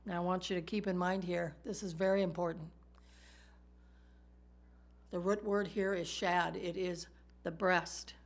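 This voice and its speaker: A woman's voice: on the low side, fairly even intonation, unhurried, pauses often. A woman teaching a sermon in a conversational way, asking her listeners rhetorical questions. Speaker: Bible teacher.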